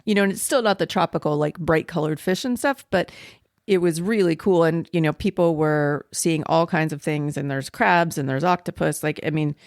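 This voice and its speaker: A woman from California co-hosting a podcast, chatting in a relaxed, teasing way. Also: low voice, dry recording, studio quality. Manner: relaxed, teasing, drawn-out delivery. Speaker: podcast co-host. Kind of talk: casual travel chat.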